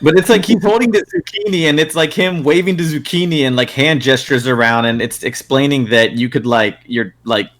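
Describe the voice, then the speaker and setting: A man's voice: medium pitch, a little fast, few pauses, a bit bright. A young man co-hosting a podcast, telling a crude rambling story with lots of fillers and laughs. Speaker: podcast co-host. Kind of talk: crude casual chat.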